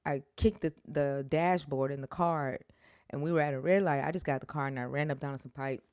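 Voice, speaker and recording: A woman with a low voice speaks earnestly in a casual chat, cursing when upset and leaping sharply upward when feelings rise. The sound is dry and close. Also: fairly even intonation, a little fast, darkish tone, clear, resonant tone, dry recording.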